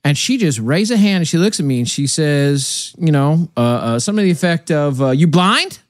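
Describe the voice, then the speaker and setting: A middle-aged man rambles through a family story in casual conversation. His voice swings lively up and down as he circles back and repeats himself. The sound is close and dry, with no room around it. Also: on the high side, fairly quick, no echo. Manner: rambling storyteller with many restarts. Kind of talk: casual chat.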